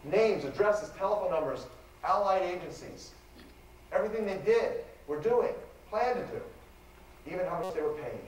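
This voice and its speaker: A man lecturing with animated, dramatic storytelling in a fairly high voice. He is heard from a distant mic in a roomy hall. Faint noise sits behind him. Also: normal speed.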